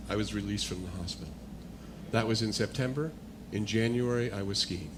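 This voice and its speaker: A man speaking as a guest speaker, telling a personal testimony in a storytelling manner that builds to animated excitement. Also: on the low side, brisk, noisy background.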